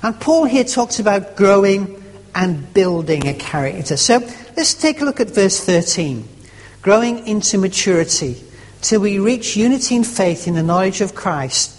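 Preacher in a reverberant church. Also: medium pitch. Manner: emphatic, repeating phrases and stressing words in turn. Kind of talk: sermon.

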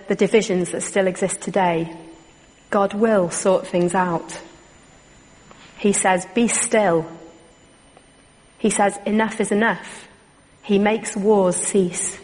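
A woman preacher delivering a sermon in a church, with a measured, repetitive preaching cadence. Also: mid-range voice. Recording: long hall reverb.

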